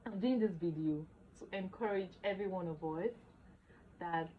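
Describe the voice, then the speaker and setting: A young woman gives an animated, emotional first-person testimony for her vlog. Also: fairly low pitch, normal speed, muffled recording. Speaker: vlogger.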